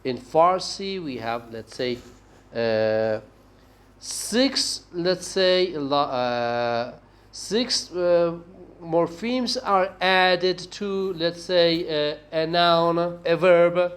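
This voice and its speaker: A man teaches a university linguistics class. He speaks slowly and haltingly, with a slightly raised and very lively pitch. He keeps pausing to check in with "okay?". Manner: slow, halting delivery with frequent "okay?" checks and restarts. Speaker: linguistics lecturer. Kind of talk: university lecture.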